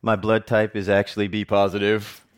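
A middle-aged man, a television reporter, telling a personal story in a talk with animated, joking delivery. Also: moderate pace, noisy background. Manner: animated, jokey storytelling with big pitch swings.

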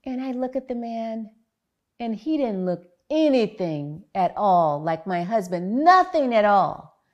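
A woman researcher giving a prepared public talk in a measured, earnest storytelling manner. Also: on the high side, very animated, darkish tone, lo-fi sound.

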